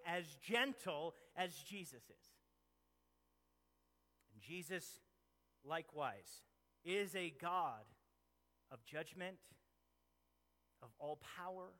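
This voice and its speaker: Passionate young man preaching in a hall. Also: high voice. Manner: passionate preaching, swinging between loud emphasis and hushed asides. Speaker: pastor. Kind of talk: sermon. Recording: long hall reverb.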